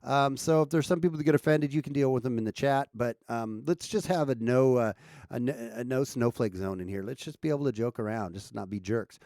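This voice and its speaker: A man's voice: mid-range voice, a little fast, darkish tone, dry recording, clean studio sound. An American man hosting a casual livestream, chatting loosely and reading viewers' comments with frequent restarts and chuckles. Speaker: livestream host.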